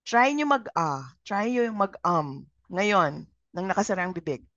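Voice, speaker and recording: A woman's voice: mid-range voice, sing-song, moderate pace, a bit bright, no echo. A woman with a Filipino accent leading a live communication training, engaging the group with questions. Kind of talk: live training session, Taglish. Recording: dull lo-fi sound.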